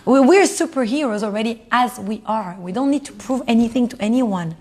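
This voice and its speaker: A woman leads a class with quick, animated delivery and a fairly high voice. She slips into playful voices for the couples in her stories and laughs easily. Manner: animated, acts out quoted spouses in higher voices, laughs often. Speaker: Torah class teacher. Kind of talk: lively class talk to a live audience.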